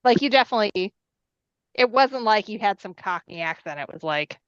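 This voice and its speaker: A woman's voice: medium pitch, expressive, moderate pace, a bit bright, dry recording, highs cut off. A woman in casual chat, talking with lots of "like" and fillers. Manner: chatty, many fillers and "like". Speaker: guest.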